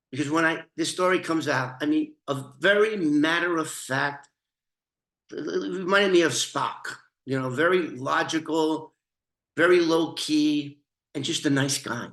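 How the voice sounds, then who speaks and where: A man telling a story from his own past in casual talk, blunt and profane, often restarting and clearing his throat. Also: a little high, slow pace, a bit bright, echoey room.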